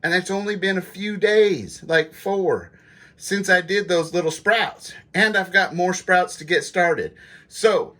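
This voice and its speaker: Folksy guy with a high bright voice, chatty review vlog, talks right to the viewers. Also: measured pace. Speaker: prepper channel host. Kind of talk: casual food review vlog.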